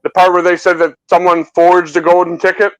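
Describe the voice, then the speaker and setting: A man co-hosting a casual film discussion podcast, excitable, often stumbling and repeating words. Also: high voice, a little fast, no echo, poor audio. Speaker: co-host.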